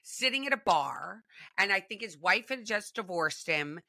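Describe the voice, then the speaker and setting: A woman's voice: medium pitch, expressive, normal speed, bright, forceful tone. A woman hosting a podcast, chatting casually and animatedly, laughing often and acting out little imitations. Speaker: podcast host. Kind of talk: casual conversation.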